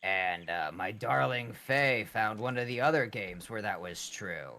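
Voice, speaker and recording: A man's voice: lowish voice, measured pace, pushed and bright. A man chatting casually while gaming with a friend, rambling and playfully sarcastic. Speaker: co-op gaming partner.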